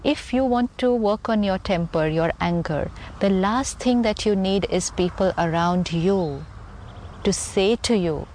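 A woman speaking as a spiritual teacher, earnest and steady. She sits at an ordinary middle pitch and repeats key phrases for emphasis. A faint noise hums under the recording. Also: moderate pace, poor audio. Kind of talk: calm spiritual talk.

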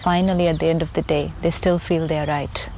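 A woman in a calm, earnest conversational teaching style, stressing key points by repeating them. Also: deep voice, fairly quick, a little hiss or hum.

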